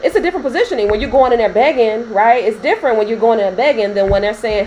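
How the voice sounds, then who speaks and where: A woman's voice: a little high, expressive, fast, hardly any pauses, a little mellow, a little hiss or hum, poor audio. A woman coaching on business credit in a casual talk to camera, chatty and laughing often as she addresses viewers directly.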